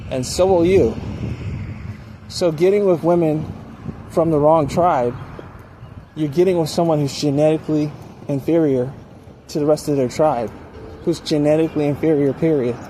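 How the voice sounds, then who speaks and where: A man delivering a preachy advice monologue to his viewers, often pausing to ask "okay?". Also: a little high, background noise. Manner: preachy, repeats "okay?" to check in. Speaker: dating advice channel host.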